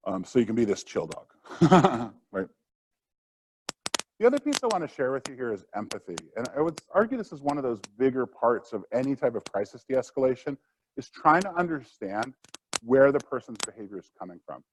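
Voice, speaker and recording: A man's voice: medium pitch, very animated, brisk, slight background noise, rough recording. A middle-aged man presenting a live workshop lecture in a conversational way, with fillers and asides.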